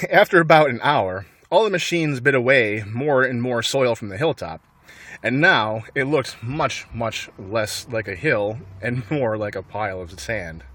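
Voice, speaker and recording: A man reading a children's book aloud in an animated way, with light laughs. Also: mid-range voice, unhurried, no room sound. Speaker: narrator.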